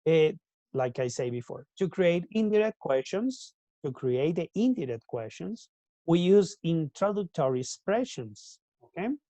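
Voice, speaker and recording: A man's voice: fairly high pitch, sing-song, measured pace, warm tone, no echo. A man, a Spanish speaker, teaching an English class and often checking in with "okay?". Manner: switches between English and Spanish, many tag questions. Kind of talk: online class lecture.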